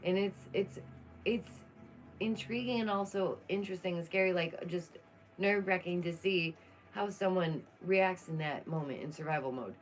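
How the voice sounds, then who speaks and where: A woman's voice: on the low side, moderate pace, faint music behind. A young woman chatting casually and outspokenly through a true crime commentary vlog, laughing often.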